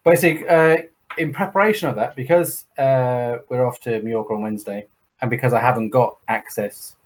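An English podcast co-host with a middle-pitched voice talks in loose, rambling chat. He swears freely and acts out the people in his stories with quick put-on voices. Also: low-quality recording. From England. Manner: sweary storyteller, acting out others in voices.

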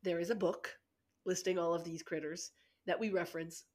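Woman podcast co-host, lowish voice, giggly, playful, swears a lot. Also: fairly even intonation, moderate pace, a little mellow. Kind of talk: casual podcast chat.

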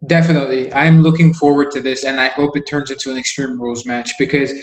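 A man co-hosting a wrestling podcast chats casually and gives his opinions with enthusiasm. His voice sits at a middle pitch. The sound carries a roomy echo. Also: flat delivery, fast. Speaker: podcast co-host. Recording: echoey room.

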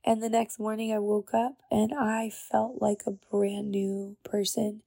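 Gravelly young woman telling her story. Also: medium pitch, little pitch movement, unhurried, dark tone, no room sound. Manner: earnest, emotional, uses "like" often. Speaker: podcast host. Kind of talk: personal testimony storytelling.

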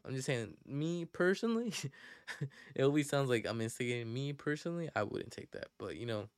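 Young guy rambling thru a story, lots of likes and restarts, smooth voice, dry close mic. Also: medium pitch, brisk, dry recording. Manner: rambling, slangy, many fillers and restarts. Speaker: podcast host. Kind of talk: casual storytelling.

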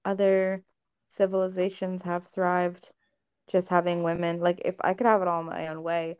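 Woman podcast co-host, frank and profane, slightly low voice, lively retelling. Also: normal speed, clean tone. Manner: candid, swears freely, animated retelling. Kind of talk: casual podcast conversation.

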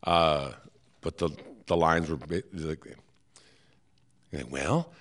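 A man's voice: a bass voice, steady tone, takes it slowly, fairly bright tone. A man hosting a live podcast in a theater, rambling and self-deprecating, with many restarts. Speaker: podcast host. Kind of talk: casual live podcast chat.

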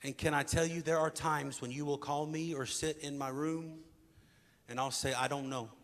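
A man's voice: a little high, steady tone, normal speed, a bit bright, in a large hall. A man preaching a sermon as pastor, reading scripture dramatically with rising intensity.

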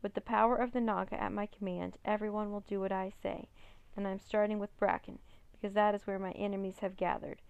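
A woman reading the lines of a gloating, commanding male dark wizard villain in a storybook. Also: medium pitch, flat delivery, a little fast, gravelly, clear, resonant tone, dry recording, lightly acted.

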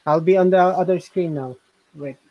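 A man's voice: high voice, normal speed, dull audio. A man co-hosting a casual chat, talking in a hesitant, musing way full of fillers and restarts. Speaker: co-host reviewing voice software.

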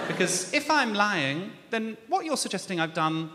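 A man with a Birmingham accent telling a stand-up story, animated and exasperated. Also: high-pitched, normal speed. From England. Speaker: comedian. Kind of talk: stand-up comedy. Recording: live hall with audience noise. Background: audience laughter.

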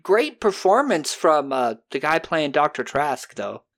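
Brief: casual podcast host, mid-pitched, lively recap with quick put-on voices, swears freely. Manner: animated retelling with quick put-on character voices, profane.

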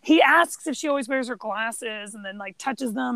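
High, gravelly-voiced woman chatting animatedly. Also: normal speed, no room sound, poor audio. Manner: animated, acts out film quotes, laughs often. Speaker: podcast co-host. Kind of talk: casual movie discussion chat.

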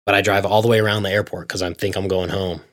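A man telling a long story in casual chat, animated and profane, swearing often. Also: deep voice, fast, no echo, clean studio sound.

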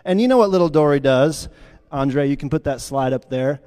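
A man preaching a sermon as pastor, telling stories with lively swings between loud, quick lines and hushed, quiet ones. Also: fairly high pitch. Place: church sanctuary. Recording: long hall reverb.

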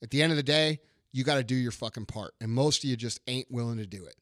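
A man's voice: mid-range voice, fast, fairly bright tone, no room sound, clean studio sound. A middle-aged man hosting a podcast, delivering a blunt, profane motivational rant and repeating his lines for emphasis. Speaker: podcast host.

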